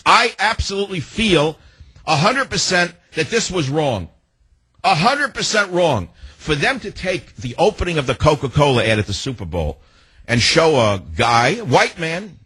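An older man with a slightly husky voice hosts a call-in radio talk show. He rants with indignant emphasis and keeps throwing rhetorical questions at his listeners. The sound is dry and close. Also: mid-range voice, a bit bright, no room sound.

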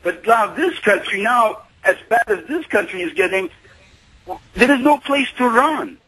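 A man's voice: high-pitched, sing-song, measured pace, bright, forceful tone, breathy edge, low-quality recording. A middle-aged man from Iran calling into a radio show, hesitant and full of fillers. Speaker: caller. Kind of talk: phone-in call to radio show.

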